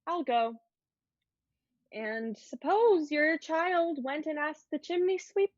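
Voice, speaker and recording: A woman's voice: high-pitched, slow pace, dry recording. A woman voicing a curious, playful fourteen-year-old girl in an amateur online play reading, teasing and pleading by turns. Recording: dull lo-fi sound.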